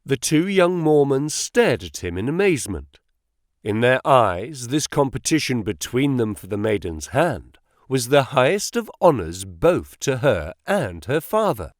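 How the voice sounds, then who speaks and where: Slow, expressive male audiobook narrator. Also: mid-range voice, no room sound, studio quality. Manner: measured and expressive. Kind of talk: classic novel audiobook reading.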